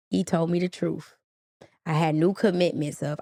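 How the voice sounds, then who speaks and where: A woman's voice: lowish voice, moderate pace, dry recording, studio quality. A woman, a podcast guest, telling her personal story with feeling and acting out the dialogue. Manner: animated, acts out quoted dialogue.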